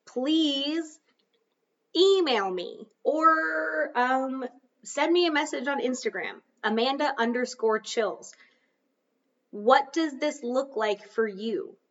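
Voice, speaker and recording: A woman's voice: high voice, distant mic, dull audio. A woman hosting a casual self-help podcast, chatty and easily sidetracked, laughing off her own lapses. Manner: chatty, loses her train of thought and laughs it off. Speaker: podcast host.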